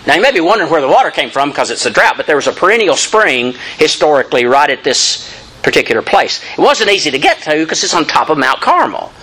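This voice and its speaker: A man's voice: on the high side, sing-song, fast talker, sharp tone, breathy edge, rough recording. A man preaching an expository sermon, reading scripture dramatically and addressing the congregation directly. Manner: emphatic rising lines, addresses congregation directly.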